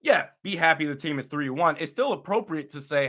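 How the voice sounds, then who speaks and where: A young man giving live reaction commentary on a football game as a fan, animated and exasperated, with loud outbursts. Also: a little high, a little fast.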